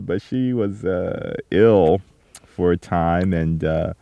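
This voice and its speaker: Low gravelly man, halting and reflective. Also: mellow, dry recording. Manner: halting, many fillers and restarts. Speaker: interview guest, author. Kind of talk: reflective interview answers.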